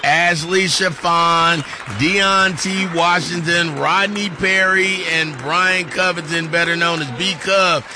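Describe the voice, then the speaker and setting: High-voiced man joking on morning radio. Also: steady tone, slow, few pauses, noisy background. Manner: playful, joking, preacher-like church cadence. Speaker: radio show co-host. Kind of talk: casual morning radio banter.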